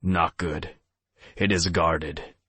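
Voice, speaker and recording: A man voicing a blunt male werewolf who answers in terse, deadpan lines. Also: deep voice, drawn-out words, breathy edge, no room sound, heavily acted. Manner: terse, dry deadpan replies.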